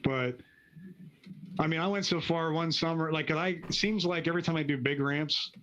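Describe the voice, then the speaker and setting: A man's voice: fairly high pitch, moderate pace, fairly bright tone, muffled recording, a little hiss or hum. A man from Pennsylvania, a guest who makes pinball ramps, chatting casually and rambling with fillers. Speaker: ramp maker guest. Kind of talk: casual chat.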